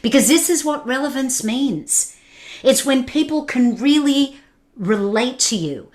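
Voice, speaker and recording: A woman giving a motivational webinar talk, putting questions and challenges straight to her audience and laughing along with their comments. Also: fairly high pitch. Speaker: keynote speaker.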